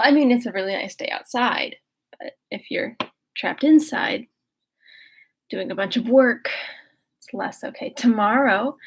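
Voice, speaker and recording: A young woman chatting in a rambling way from her bedroom, then reading a book aloud. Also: mid-range voice. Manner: rambling, chatty, full of fillers. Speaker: host and reader. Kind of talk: casual chat and reading aloud.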